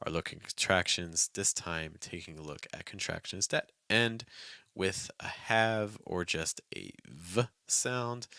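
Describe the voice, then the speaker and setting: A man's voice: deep voice, vocal fry, pushed and bright, no echo, clean studio sound. A man hosting a daily pronunciation lesson, energetically demonstrating phrases by repeating them several times. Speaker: pronunciation coach.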